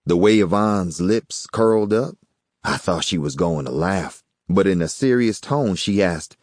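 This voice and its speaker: A man narrates a first-person audiobook in a very deep voice. His pitch rises and falls expressively as he tells the story. The sound is dry and close to the mic. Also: animated, unhurried, darkish tone, no room sound.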